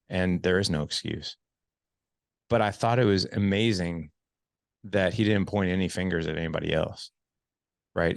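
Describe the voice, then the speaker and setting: A podcast host in his forties talks earnestly and reflectively, stumbling over and repeating words as his thoughts form. His voice sits very low with a gravelly, fry-edged texture. The sound is close and dry, with almost no room around it. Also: no echo. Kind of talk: podcast conversation.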